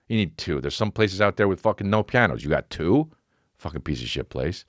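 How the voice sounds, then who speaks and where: A man hosting a podcast, telling a comedic story in a profane, animated way that climbs high as he gets excited. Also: brisk, no room sound, studio quality. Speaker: podcast host. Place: podcast studio.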